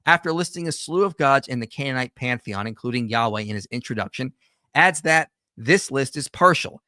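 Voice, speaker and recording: A man's voice: mid-range voice, pushed and bright, no echo, clean studio sound. A man hosting a livestream, giving conversational reaction commentary with frequent restarts and self-corrections. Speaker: host.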